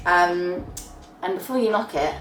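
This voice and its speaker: Young girl gushing about her faves, low-pitched, echoey room, a bit far from the mic, faint music. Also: animated, a little slow. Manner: chatty and gushing, trails off at ends of phrases. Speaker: beauty vlogger. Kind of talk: casual chat to camera. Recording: roomy sound, slightly off mic, faint music.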